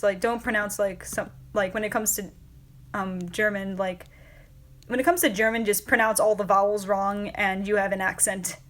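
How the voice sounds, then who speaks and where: Giggly rambling woman livestreamer. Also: mid-range voice. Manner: rambling, many fillers and restarts, giggly. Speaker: livestream host. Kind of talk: casual livestream chat answering viewers.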